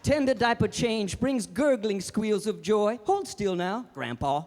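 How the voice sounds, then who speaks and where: A man's voice: sits high, animated, measured pace, darkish tone. A man playing a hip male beatnik poet in a fez, delivering jive hipster patter and theatrical verse in a live stand-up character act. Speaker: stage comedian. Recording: live stage with reverb, music and audience.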